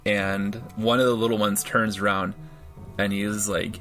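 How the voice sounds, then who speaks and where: A man's voice: on the low side, level tone, a little slow, a bit bright, faint music behind. A man narrating a tabletop role-playing game as dungeon master in a loose, hesitant way. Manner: casual, hesitant with many fillers.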